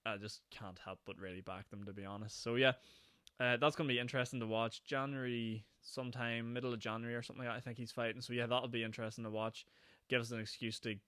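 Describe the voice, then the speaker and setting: A young Northern Irish man hosting his own podcast, talking fast and rambling from one thing to the next with frequent laughs. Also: mid-range voice, fairly even intonation, a bit bright, clean tone, no echo, studio quality. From Northern Ireland. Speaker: podcast host. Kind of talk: casual solo podcast chat. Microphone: podcast microphone.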